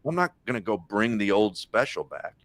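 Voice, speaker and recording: A man's voice: on the low side, very animated, normal speed, fairly bright tone, no room sound, studio quality. A middle-aged man, a comedian guest, rambling through a joke on a live podcast with restarts. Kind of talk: casual chat on a live podcast.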